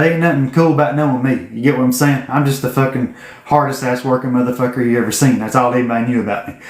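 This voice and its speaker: A man tells a story to camera in a blunt, folksy, profane way. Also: medium pitch. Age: 40s. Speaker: vlogger. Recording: roomy echo.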